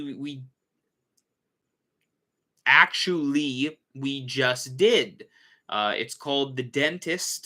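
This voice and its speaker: Casual male livestream host, bright tone, rambling and self-correcting. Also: medium pitch.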